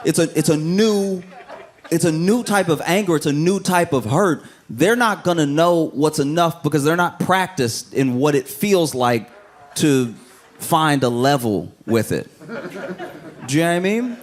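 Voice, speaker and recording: A man's voice: a little high, lively intonation, measured pace. A man doing a stand-up comedy set, talking casually and rambling with many asides. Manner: conversational, rambling, with frequent asides.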